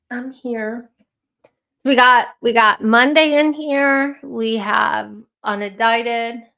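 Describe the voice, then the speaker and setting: A woman with a Chicago accent talks casually to her livestream audience. She speaks slowly and drifts between thoughts with plenty of fillers. Her voice has a gravelly, creaky edge. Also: fairly high pitch, fairly bright tone. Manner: chatty, rambling with many fillers. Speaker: livestream host.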